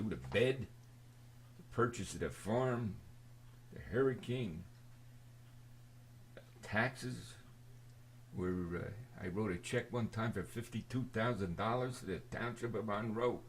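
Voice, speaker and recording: Halting, rambling older man with a low voice. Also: a little hiss or hum. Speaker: video storyteller. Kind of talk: rambling casual storytelling to camera.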